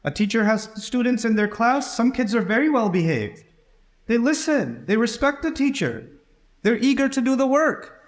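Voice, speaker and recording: A man's voice: very high voice, very animated, normal speed. A man preaching a sermon in a conversational way, acting out the people in his stories. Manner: conversational, acts out quoted dialogue.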